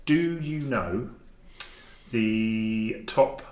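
A man's voice: on the low side, extremely slow, darkish tone. A man hosting a casual podcast in a jokey, chatty, rambling way, often restarting his sentences. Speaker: podcast host. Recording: roomy echo, faint noise.

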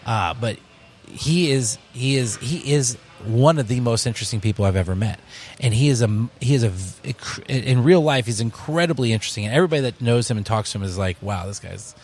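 A man, a bar co-owner, telling stories in a casual interview, animated and full of restarts. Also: mid-range voice, brisk. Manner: storytelling, animated, many restarts.

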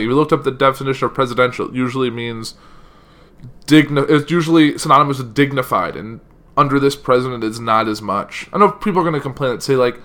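A man's voice: mid-range voice, a bit bright. A young man reading a news article aloud and giving casual opinions, with many "like" fillers. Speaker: political commentary vlogger.

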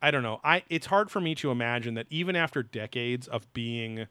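A man in casual podcast chat, profane and animated, mocking what he talks about. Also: medium pitch, a little fast, clear, resonant tone, no room sound. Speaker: podcast co-host.

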